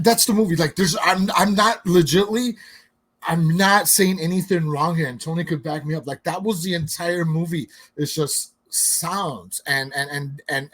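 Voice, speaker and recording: Male podcast co-host, blunt and profane, slightly higher voice. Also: a bit bright. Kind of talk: casual movie review chat.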